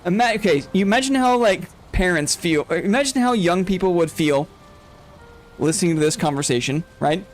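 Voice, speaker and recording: High-voiced rambling man chatting on stream. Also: animated, a little fast, soft background music. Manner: rambling, self-interrupting, laughs often. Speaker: streamer host. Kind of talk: casual chat while gaming, reading chat.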